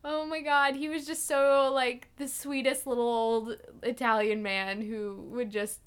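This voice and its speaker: A giggly young woman with a bright, fairly high voice, chatting as a podcast co-host. She talks eagerly about favorite movie moments and laughs easily between thoughts. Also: little pitch movement, a little slow, clear, resonant tone. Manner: giggly, enthusiastic, laughs often. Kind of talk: casual film chat.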